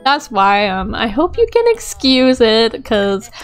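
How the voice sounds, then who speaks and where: A woman in her twenties giving casual, chatty gameplay commentary, giggling and talking to the characters on screen, her voice still a bit rough from a cold. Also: on the high side, big pitch swings, slow, faint music behind. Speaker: gaming YouTuber.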